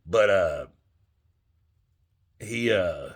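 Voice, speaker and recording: A man's voice: low voice, expressive, very slow. An older man telling a long, rambling story to his viewers in a loose, profane, casual way. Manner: loose, profane, talks straight to viewers as "folks".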